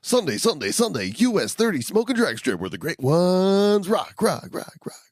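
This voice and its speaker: A man putting on the voice of a hard-selling drag strip radio ad announcer, much higher than his own voice. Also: very animated, moderate pace, no echo, studio quality, full character voice. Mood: hyped. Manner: shouty hard-sell announcer cadence.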